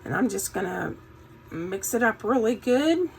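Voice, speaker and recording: A woman's voice: medium pitch, expressive, unhurried, creaky, a little hiss or hum, rough recording. A woman hosting a casual crafting tutorial, chatty and folksy, with a groggy morning voice since she has just woken up. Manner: chatty, folksy, says "um" a lot. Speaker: craft channel host.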